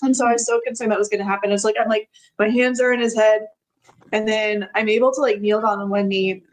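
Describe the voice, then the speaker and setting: A woman's voice: medium pitch, little pitch movement, fast, rough recording. A woman telling a personal story as a podcast guest, in a chatty way with frequent laughs and many filler words.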